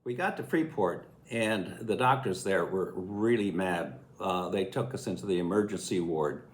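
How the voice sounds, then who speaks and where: A man's voice: low-pitched, moderate pace. A man in his eighties from Illinois, telling a childhood story in a folksy, chuckling way. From Illinois, USA. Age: 80s. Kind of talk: casual spoken memoir. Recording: echoey room.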